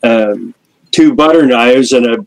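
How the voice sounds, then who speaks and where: Here the same kind of guest, an older lead singer, speaks at a measured pace in a mid-range voice, animatedly playing the characters in his podcast anecdotes. Audio is poor, with slight background noise.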